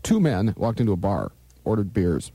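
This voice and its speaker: Brief: male morning-radio DJ, low husky voice, wildly swinging delivery, joking and ranting between reads. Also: very animated, moderate pace, warm tone, no echo. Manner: jokey, rambling, mock-outraged. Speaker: radio morning show host. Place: radio studio.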